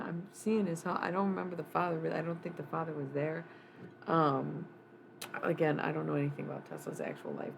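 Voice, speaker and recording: A woman with a low voice and vocal fry livestreams a casual psychic reading against a noisy background. She rambles loosely, swears freely, and thinks aloud with plenty of fillers.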